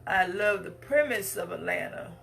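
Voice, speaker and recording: A woman's voice: fairly low pitch, expressive, moderate pace, gravelly, a bit bright, faint music behind. A woman, giving an impassioned speech with emphatic, repetitive phrasing. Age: 50s. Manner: emphatic, repetitive, preacher-like cadence. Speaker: speaker addressing the public.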